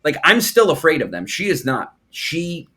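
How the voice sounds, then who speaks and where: A man's voice: on the high side, sing-song, normal speed, background noise. A man co-hosting a comedy podcast, rambling and self-deprecating in casual chat. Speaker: podcast co-host.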